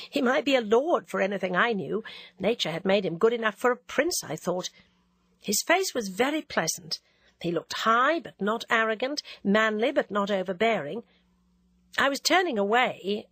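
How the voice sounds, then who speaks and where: A woman's voice: medium pitch, a bit bright, husky, no room sound. Woman reading a classic novel aloud. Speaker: audiobook narrator. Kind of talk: scripted narration of a classic novel.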